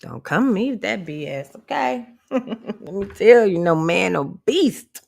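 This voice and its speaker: A woman's voice: mid-range voice, expressive, measured pace, creaky, a little mellow. A woman vlogger giving a casual motivational rant to viewers. She is blunt and profane, sassy, and laughs often. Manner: sassy, talks straight to viewers. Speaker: empowerment vlogger.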